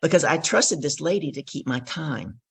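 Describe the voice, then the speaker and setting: A middle-aged woman, a guest on a podcast, telling an animated story and acting out the dialogue in it. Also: low voice, normal speed, vocal fry, husky. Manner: acts out the dialogue in her stories. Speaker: podcast guest, professional speaker.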